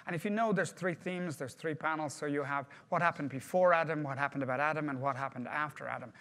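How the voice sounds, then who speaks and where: A man's voice: a little high, quick pace, fairly bright tone. A man giving a project management workshop to a group, talking conversationally and putting questions to the audience.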